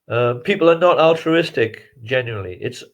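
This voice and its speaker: A man's voice: mid-range voice, lively intonation, moderate pace. A man, a filmmaker guest giving long reflective interview answers with frequent restarts and chuckles. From England. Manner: reflective, rambling, chuckles often, many restarts.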